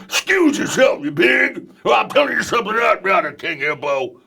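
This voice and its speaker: An actor voicing a blustering, pompous male king who shouts indignantly. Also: high voice, sing-song, moderate pace, vocal fry, breathy edge, pitched above the performer's own voice, heavily acted.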